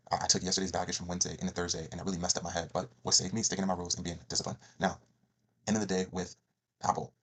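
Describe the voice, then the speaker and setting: A man's voice: low voice, fairly bright tone, husky. A man hosting a trading channel, walking through his week's trades on a chart, emphatic and repeating key phrases. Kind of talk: screen-share trade recap.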